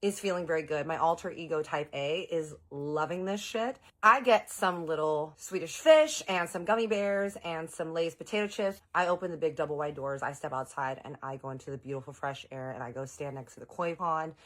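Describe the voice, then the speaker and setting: A woman with a low voice tells a personal story in a casual, chatty way, speaking straight to her viewers. She is animated and often jumps into exaggerated quoted voices. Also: fairly quick, hardly any pauses. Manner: animated, chatty, addresses audience directly.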